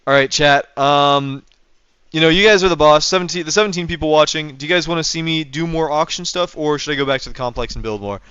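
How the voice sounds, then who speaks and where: Smooth-voiced young man streaming a game. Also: fairly high pitch, fast, bright, forceful tone, no room sound, lo-fi sound. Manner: rambling, self-correcting, chatty with viewers. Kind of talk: casual livestream commentary.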